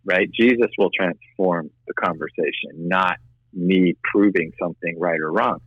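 A man with a low voice tells his own story as an interview guest. He speaks earnestly, often restarting and repeating words. The audio is dry and a little dull. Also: unhurried, breathy edge, dry recording. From United States. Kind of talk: personal testimony in conversation.

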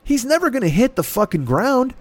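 A man's voice: sing-song, fairly quick, dry recording. Heated, profane man ranting. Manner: heated, profane, sweeping swings in pitch. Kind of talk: profane comedic political rant.

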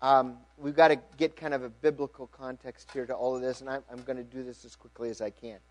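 A middle-aged man preaching, reading scripture with rising emphasis and dropping to quiet asides. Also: medium pitch, level tone, a little fast. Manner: earnest, reads aloud with rising emphasis then drops to quiet asides. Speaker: pastor.

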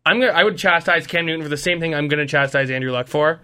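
A man's voice: a little high, fast, bright, forceful tone, clear, resonant tone. A man from Canada co-hosting a sports podcast, giving opinionated takes in casual chat full of "like". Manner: opinionated, filler-heavy with "like". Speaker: podcast co-host.

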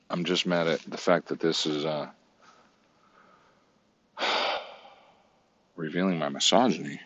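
A man's voice: low voice, measured pace, long pauses, a bit bright, no echo, muffled recording. A man giving casual, swearing commentary to himself while browsing online, exasperated and talking under his breath.

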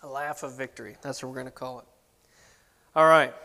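A man's voice: medium pitch, fairly even intonation, brisk, sharp tone, a little hiss or hum. A man preaching a sermon, reading scripture aloud with rising emphasis and casual asides to the congregation. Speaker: pastor. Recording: long hall reverb.

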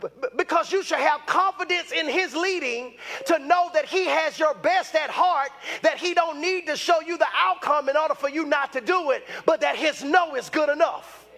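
A man in his fifties delivers a sermon in a strikingly high voice. He preaches with fervor, bursting into shouts and repeating phrases to drive a point home. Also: normal speed, hardly any pauses. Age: 50s. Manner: fervent, bursts into shouts, repeats lines for emphasis.

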